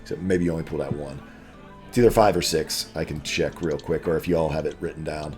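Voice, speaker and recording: A man's voice: a bass voice, fairly even intonation, fast talker, a little mellow, faint music behind. A man narrating as game master of a tabletop game, describing scenes in a rambling, hesitant way full of fillers.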